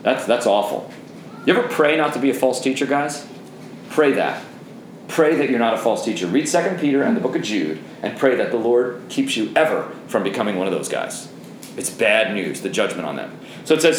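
A man's voice: medium pitch, very animated, fairly quick, roomy sound, a little hiss or hum, poor audio. A man preaching a sermon, emphatic, repeating key phrases and speaking straight to the congregation. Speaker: pastor.

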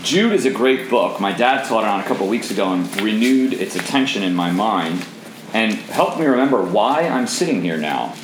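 A man preaching a sermon as pastor, animated and raising his voice for emphasis. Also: on the low side, moderate pace, roomy sound, slight background noise, low-quality recording.

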